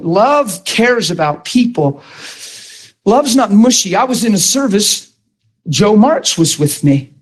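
A man preaching to a class in a sermon-style talk, emphatic and often asking the listeners if they follow him. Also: high voice. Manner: emphatic, with rhetorical questions to the listeners.

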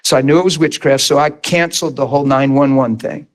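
A man's voice: medium pitch, fairly even intonation, fast. A middle-aged man preaching a fervent, emphatic sermon testimony as pastor, laughing between points.

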